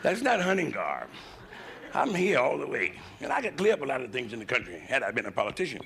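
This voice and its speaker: A man's voice: medium pitch, huge pitch swings, fast, vocal fry, a bit bright. An American male comedian doing crude, conversational nightclub stand-up and working the crowd from a hotel stage, on a noisy 1970s live VHS tape. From United States.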